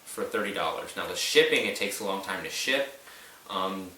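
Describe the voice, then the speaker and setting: Young male co-host, low and crisp, patient explainer, distant roomy mic. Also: expressive, moderate pace, sharp tone. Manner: explanatory, hesitant with fillers. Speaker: co-host answering fan questions. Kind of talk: casual chat. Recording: echoey room, mic at a distance, faint noise.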